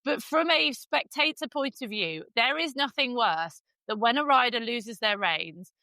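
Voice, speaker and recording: A woman's voice: a little high, lively intonation, measured pace, sharp tone, no room sound. A woman hosting a podcast interview, blunt and sweary, piling on emphatic praise in casual chat. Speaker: podcast host.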